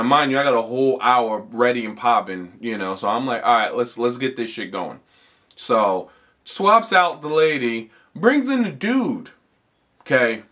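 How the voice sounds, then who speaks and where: A man with a bright, forceful voice at a middle pitch hosts a comedy podcast. He rambles through a casual, profane story, restarting sentences and piling on fillers. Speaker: podcast host.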